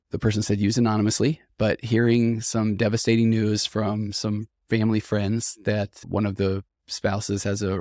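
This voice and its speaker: A middle-aged man with a low, gravelly voice talks through listener stories on a podcast, earnest and reflective, turning lively when he quotes others. The sound is dry and close to the mic. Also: no echo. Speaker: podcast host, therapist. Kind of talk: conversational podcast monologue reading listener stories.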